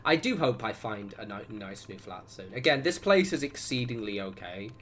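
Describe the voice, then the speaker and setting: In this casual gaming stream, a young man with a lowish, fairly bright voice chats at a moderate pace with lively intonation, wandering off topic and cutting himself off mid-sentence. There's a little hiss or hum, and he keeps dropping asides to viewers.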